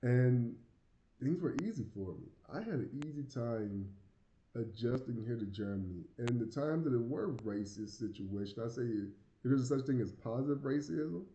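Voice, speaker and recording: Here the same American expat vlogger from the United States, Southern accent and slight lisp intact, chats to the camera in a rambling style, chuckling and repeating himself. He speaks at a normal speed in a mid-range, mellow, expressive voice. There is reverb in the recording, and the highs are cut off.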